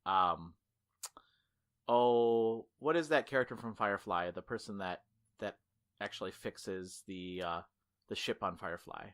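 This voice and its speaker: A man's voice: fairly low pitch, a little slow, fairly bright tone. A man hosting a gaming podcast, chatting casually with co-hosts and often laughing as he rambles. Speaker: podcast host. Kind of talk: casual chat.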